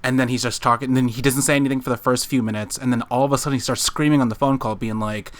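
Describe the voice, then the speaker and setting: A man's voice: mid-range voice, steady tone, racing. A man co-hosting a podcast in a living room, telling a story in a rambling way with many fillers and restarts. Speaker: podcast co-host. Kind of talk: casual chat.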